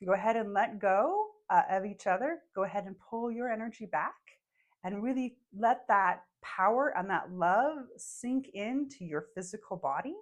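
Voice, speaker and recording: A young woman guiding an energy-healing meditation, speaking softly and slowly while emotional and crying. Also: mid-range voice, animated. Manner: soft, slow and tearful. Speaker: meditation guide. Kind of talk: guided meditation.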